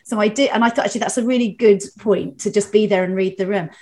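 A woman's voice: medium pitch, steady tone, quick pace, warm tone. A woman from Britain, a comedian and corporate speaker, chatting casually with fillers and restarts. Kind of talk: casual conversation.

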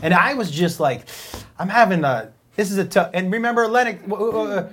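High, lively-voiced man hosting. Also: fairly quick, a little hiss or hum. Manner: animated, jokey storyteller. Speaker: podcast host. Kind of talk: casual comedic chat.

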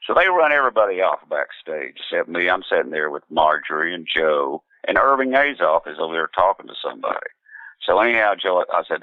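Deep-voiced man on a phone line. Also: sing-song, quick pace, no echo. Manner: rambling, laid-back, many fillers and restarts, quotes others in voices. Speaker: musician guest. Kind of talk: casual anecdotal storytelling.

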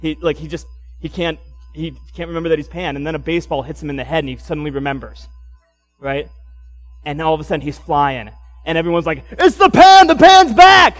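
A man's voice: fairly high pitch, fast, soft background music. A young man preaching a sermon in a church, telling stories casually and laughing often. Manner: casual, animated storytelling with laughs. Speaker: pastor.

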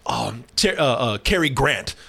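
A man hosting a podcast in casual chat, expressive and quick to agree. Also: medium pitch, gravelly, breathy edge.

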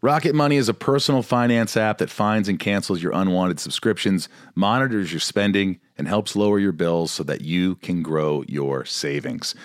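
A podcast host with a deep voice reads a sponsor spot in a chatty, upbeat way, as if talking to a friend. The recording is close and dry, without room sound. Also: male voice, normal speed, hardly any pauses, no room sound. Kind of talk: casual sponsor read.

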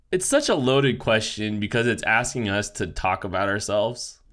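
Tearful man, halting, slow speech. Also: fairly low pitch, big pitch swings, fairly bright tone. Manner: halting, full of fillers and teary laughs. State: crying. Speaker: podcast co-host. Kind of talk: emotional podcast farewell.

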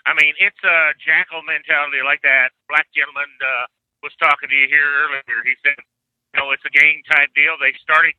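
A man from Missouri calling into a radio show, polite and halting. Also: on the high side, fairly even intonation, no room sound. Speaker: caller. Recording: phone line.

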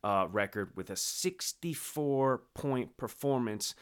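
A man's voice: medium pitch, animated, slow, clear, resonant tone. A man co-hosting a podcast, recapping a story in a playful, dramatic way. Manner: playful, dramatic recapping with sudden loud bursts. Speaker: podcast co-host. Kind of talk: casual chat.

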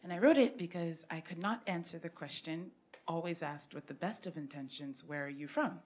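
A woman author with a vaguely American accent, telling stories in an animated, witty way during an on-stage interview. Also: sits low, moderate pace, breathy edge. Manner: animated, witty storytelling with frequent laughs. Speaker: author guest.

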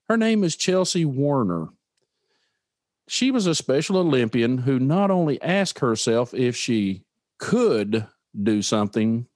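A man's voice: medium pitch, a little mellow, no echo, studio quality. A man giving an earnest, emphatic motivational talk and repeating his key words for effect. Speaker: motivational speaker.

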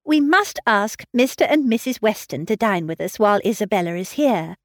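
A woman reading the part of a clever, self-assured young lady who brisk-ly reassures her father. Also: medium pitch, sing-song, no room sound, studio quality. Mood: reassuring. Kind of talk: audiobook reading of a classic novel.

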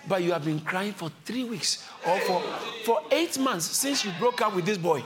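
A man preaching a sermon with passion, repeating his lines and climbing to high shouts, with a congregation answering him. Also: normal speed, a crowd in the background. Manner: impassioned, repeats phrases, builds to high shouts. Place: church service. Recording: live congregation audible.

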